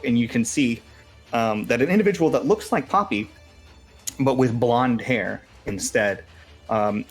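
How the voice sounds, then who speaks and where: A young man narrating as game master in a casual, swearing, filler-laden way. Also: medium pitch.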